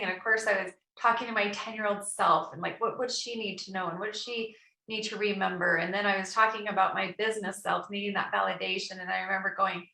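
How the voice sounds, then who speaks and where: Middle-aged woman, guest storyteller, animated, echoey room sound. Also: mid-range voice, fairly quick, vocal fry. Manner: animated, quotes her own thoughts aloud. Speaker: guest entrepreneur. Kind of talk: personal storytelling in an interview.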